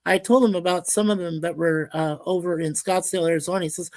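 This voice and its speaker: A woman hosting a casual live-stream chat, chatty and quick to laugh, telling rambling stories. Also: lowish voice, steady tone, a little mellow. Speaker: host.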